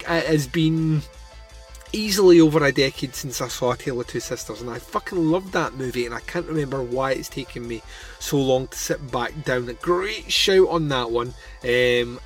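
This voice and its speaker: A man hosting a podcast, talking in a chatty, enthusiastic way with plenty of fillers. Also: medium pitch. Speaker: podcast host. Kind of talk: casual podcast chat.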